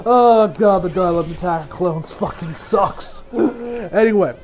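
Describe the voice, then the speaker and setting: A man with a high voice talks through an anime episode in casual review style. He rambles, restarts his sentences, and laughs often. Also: darkish tone, rough recording.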